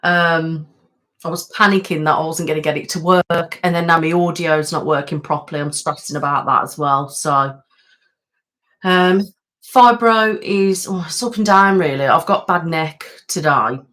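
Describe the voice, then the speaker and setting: Streaming live from a webcam at home, a West Midlands woman who runs an ASMR channel chats loosely and pokes fun at herself, with lots of ums. She has a West Midlands accent and a low, fairly bright voice at a normal pace.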